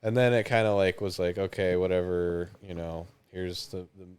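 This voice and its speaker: Young man, deep low voice, deadpan podcast co-host, casual jokes. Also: moderate pace, clear, resonant tone. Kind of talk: casual comedic podcast chat.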